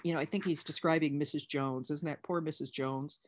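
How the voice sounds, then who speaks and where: Candid woman with a lowish voice teaching recovery steps. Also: steady tone, brisk. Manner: candid, emphatic, conversational. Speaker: recovery sponsor teaching step work. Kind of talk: recovery workshop talk.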